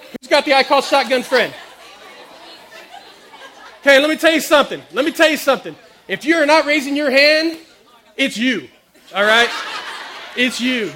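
A man giving a lively comic sermon, quizzing the crowd and acting out little stories. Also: very high-pitched. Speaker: preacher speaking to a youth audience.

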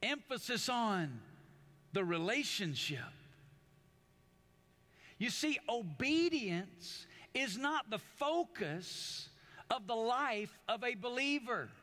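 A man's voice: very high-pitched, big pitch swings, takes it slowly, pushed and bright. A man preaching a sermon in an earnest way, often repeating words as he starts a thought.

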